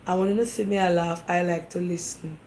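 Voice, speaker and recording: This Jamaican-accented woman speaks a little fast in a fairly low, somewhat mellow voice with fairly even intonation. Hosting a casual talk show, she defensively presses her point to viewers and keeps lobbing questions at them, over a rough recording with a slight hiss or hum.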